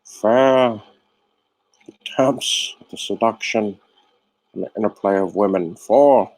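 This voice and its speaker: A man putting on a pompous male prosecutor addressing a jury in a slightly lower voice. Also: slow pace, a little mellow, dry recording, poor audio. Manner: pompous, orating.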